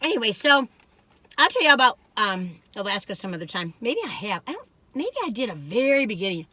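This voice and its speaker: A woman's voice: mid-range voice, sing-song, brisk, sharp tone, dry recording. An older woman, chatting and rambling as she tells stories in a food review vlog. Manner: chatty and rambling, acts out quoted voices. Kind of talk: casual storytelling chat to camera.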